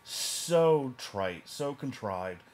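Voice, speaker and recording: A man's voice: medium pitch, expressive, extremely slow. A man from New York casually reviewing a movie, talking emphatically and rambling with restarts.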